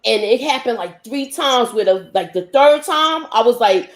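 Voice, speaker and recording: A middle-aged woman telling a lively personal story in a casual roundtable chat, acting out the quotes. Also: a little high, moderate pace, few pauses, reverberant. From Queens, New York. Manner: animated storytelling, acts out quotes. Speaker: panelist.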